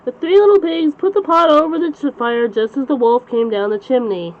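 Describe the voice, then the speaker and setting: Woman storyteller, high pitch, gentle bedtime read-aloud, dull lo-fi recording. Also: fairly quick.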